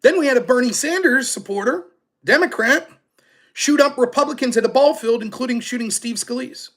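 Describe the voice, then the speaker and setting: A man's voice: extremely high pitch, brisk. A man hosting a casual political commentary stream, sarcastic and mocking, chatting with his live chat as he talks. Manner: animated and sarcastic, mocking opponents; chats with live chat readers.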